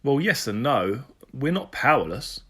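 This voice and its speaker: A man's voice: medium pitch, big pitch swings, a little slow, a bit bright, slightly rough, exaggerated voice. A man voicing a Welsh police sergeant who talks in a blunt, teasing way, with a Welsh accent. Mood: joking. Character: Welsh male police sergeant, jokey and crude.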